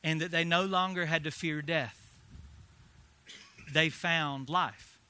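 A male pastor telling a story in a sermon, animated, swinging between hushed and loud delivery. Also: on the high side, takes it slowly, smooth.

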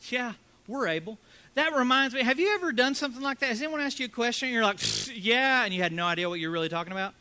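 A pastor delivers a sermon in a casual, conversational way. His voice sits high for a man and sounds bright and forceful. He acts out quoted lines and leads the congregation in call-and-response. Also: fast talker, clear, resonant tone.

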